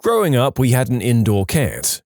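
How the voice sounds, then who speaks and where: A man narrating online stories with a very lively, bouncing delivery, his pitch rising and falling widely. He speaks into a close, dry mic with no room sound at all. The reading is animated, and he acts out the quoted lines in a raised voice. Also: normal speed, no echo. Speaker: story narrator.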